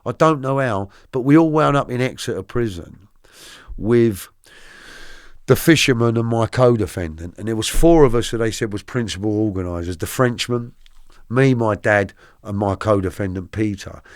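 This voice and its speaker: A middle-aged man recounting his arrest in colloquial, vivid storytelling, now and then shouting out the quoted lines. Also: on the low side, normal speed, dry recording, studio quality. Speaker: guest. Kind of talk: true crime storytelling.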